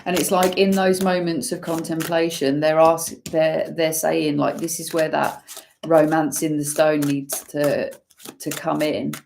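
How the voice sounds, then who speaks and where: A woman giving an intuitive tarot reading, musing slowly and using many fillers as she talks through the cards. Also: low-pitched, little pitch movement, vocal fry, darkish tone, slight background noise. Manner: slow, musing, full of fillers. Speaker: tarot reader.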